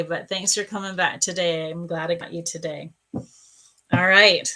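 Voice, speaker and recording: Soothing bright-voiced woman psychic. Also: lowish voice, fairly even intonation, slow. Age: middle-aged. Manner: soothing, calls listeners dear and love. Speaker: psychic reader. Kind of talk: live-stream reading for viewers.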